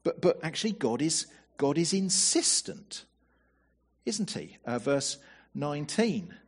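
Husky-voiced man preaching with lively pitch. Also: measured pace. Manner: conversational, asks rhetorical questions, repeats words when starting. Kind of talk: sermon.

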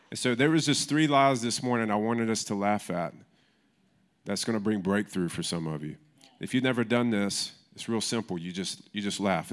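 A man preaching a sermon in church in a casual, conversational way, often restarting his sentences. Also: on the low side. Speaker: pastor.

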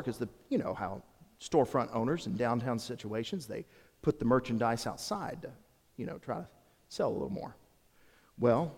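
Animated preacher in an echoey hall. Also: male voice, medium pitch, moderate pace, pauses often. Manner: animated storytelling, direct address to the congregation. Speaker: pastor. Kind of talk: sermon with a told joke. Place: church sanctuary.

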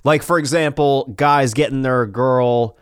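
A man's voice: medium pitch, unhurried, noisy background. A man hosting a podcast, telling stories in casual chat with lots of swearing and laughs. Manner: animated storyteller, frequent swearing and laughter. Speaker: podcast host.

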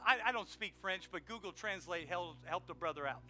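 A man preaching an animated sermon in church, drawing call-and-response from the congregation. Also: sits high, normal speed, soft background music. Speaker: pastor. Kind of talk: energetic sermon with announcements. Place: church sanctuary.

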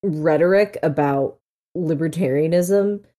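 A woman's voice: low voice, a little slow, mellow. A woman co-hosting a podcast in casual chat, hesitant and trailing off with fillers. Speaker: podcast co-host.

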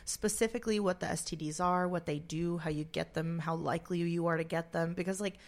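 A woman's voice: on the low side, steady tone, brisk. A young woman co-hosting a podcast, chatty and thinking aloud with many fillers. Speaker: podcast co-host. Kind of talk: casual chat.

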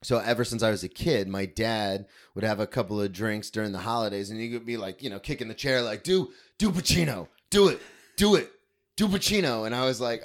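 Lively swearing podcast host, low voice. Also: male voice. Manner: animated storyteller, swears, acts out quoted people. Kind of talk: casual chat.

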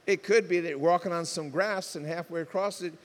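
A man delivers a sermon from the pulpit, his voice a touch higher than most men's. He preaches with passion, swinging between loud, emphatic bursts and quiet, earnest stretches. The sound carries a long reverb from the church sanctuary around him. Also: a little fast. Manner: impassioned, swings from loud emphatic outbursts to soft earnest tones. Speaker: pastor. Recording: reverberant hall.

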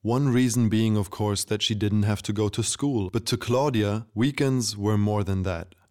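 Low-voiced male storyteller. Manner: measured, steady storytelling delivery. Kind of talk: scripted narration.

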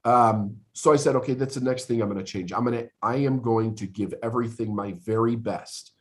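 A man's voice: mid-range voice, a little fast. Earnest middle-aged man telling his story. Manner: earnest, emphatic, repeats words when building up. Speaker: podcast guest, coach. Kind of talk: conversational storytelling.

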